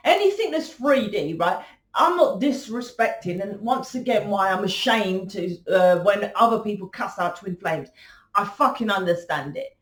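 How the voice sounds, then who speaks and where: A woman giving a blunt, confrontational tarot reading, swearing freely and lecturing the listener. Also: fairly high pitch. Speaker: tarot reader. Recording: echoey room.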